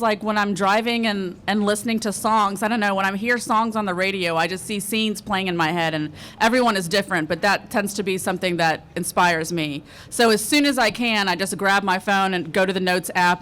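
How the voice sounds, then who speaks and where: A woman's voice: mid-range voice, a bit bright. Chatty woman filmmaker on a panel. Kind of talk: panel talk giving writing advice.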